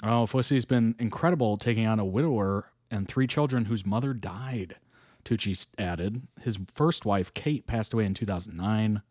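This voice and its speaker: A man's voice: on the low side, moderate pace, darkish tone, dry recording, clean studio sound. Man casually reading and reacting. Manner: reads articles aloud, chuckles and muses between. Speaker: reaction video host.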